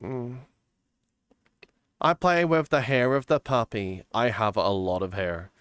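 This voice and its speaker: Slow, smooth-voiced playful male streamer. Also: medium pitch, steady tone, fairly bright tone, no room sound. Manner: playful and giggly, reading viewer chat aloud. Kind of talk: casual live-stream chat.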